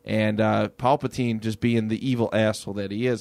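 A man's voice: lowish voice, flat delivery, brisk, creaky, few pauses, darkish tone, no echo. A man co-hosting a podcast, retelling a comic plot in casual chat, with lots of stammered restarts. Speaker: podcast co-host.

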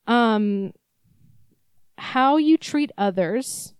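A woman's voice: fairly high pitch, extremely slow, clean tone, no echo. Rambling young woman storyteller. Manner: rambling, swears freely, animated storytelling. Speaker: podcast co-host. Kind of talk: casual chat.

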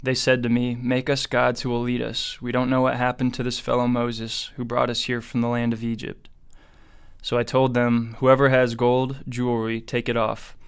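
A man voicing Aaron as an evasive, excuse-making male priest, with an even, measured reading delivery. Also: mid-range voice, clear, resonant tone, natural voice. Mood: defensive.

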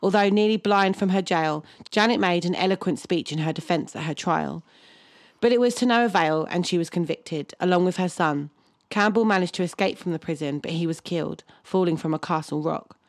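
A woman's voice: on the low side, brisk, no room sound. A woman co-hosting a podcast, reading a historical story from a script and stopping to banter and laugh over place names. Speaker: podcast co-host.

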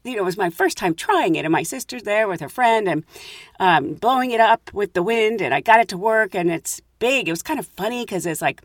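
Animated woman telling funny stories. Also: medium pitch, fairly quick, dry recording, studio quality. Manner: animated, laughing, quotes her own thoughts. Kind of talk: casual storytelling.

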